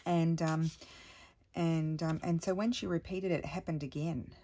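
A middle-aged woman chatting at home as a crafting vlogger, telling a rambling story with many restarts and sometimes dropping to a hushed voice. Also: deep voice, steady tone, normal speed. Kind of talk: casual chat while crafting.

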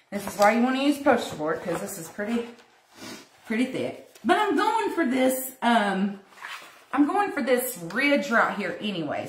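A woman's voice: medium pitch, slight background noise. A woman hosting a casual live craft demonstration, chatting with viewers as she works. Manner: chatty, greets viewers by name, talks while working. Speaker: craft tutorial host. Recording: roomy echo.

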